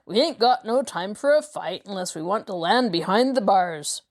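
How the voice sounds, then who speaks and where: A woman voicing a gruff, bossy male gang leader in an audiobook, growling out his orders. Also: medium pitch, expressive, normal speed, a little mellow, lightly acted. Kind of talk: audiobook character voice.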